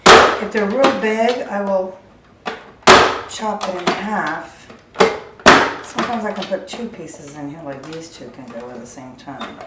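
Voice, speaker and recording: A woman's voice: fairly low pitch, measured pace, pauses often, recorded from a distance, heavy background noise. A woman chatting casually as she cooks in her home kitchen, talking through each step as she works. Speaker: home cook. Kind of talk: casual cooking demonstration. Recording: echoey kitchen, voice from off-mic. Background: clattering dishes, utensils and drawers.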